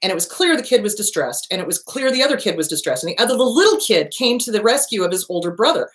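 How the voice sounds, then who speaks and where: A middle-aged woman hosts her own show in a casual, unscripted monologue. She talks bluntly and curses freely. She tells her stories with energy, at a middle pitch. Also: fast. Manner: blunt, profane, animated storytelling. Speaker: host.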